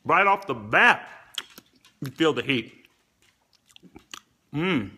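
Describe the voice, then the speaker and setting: A man casually reviewing fast food on camera, tasting and commenting between bites. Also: fairly high pitch, expressive, sharp tone, breathy edge.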